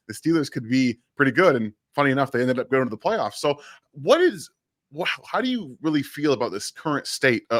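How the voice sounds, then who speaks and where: A man co-hosting a football podcast, steering the chat with brisk, lively questions. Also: mid-range voice, no room sound, clean studio sound. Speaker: podcast co-host.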